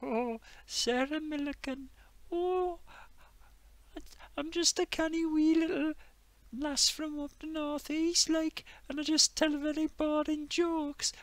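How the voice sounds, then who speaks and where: Bloke doing a squeaky, twee northeast comedienne caricature, broad Geordie singsong, bright and mocking, for a stream gag. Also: male voice, dry recording. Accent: exaggerated Geordie. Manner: mocking, jokey self-satisfied laughs. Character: mocking impression of a chirpy female northeast comedian.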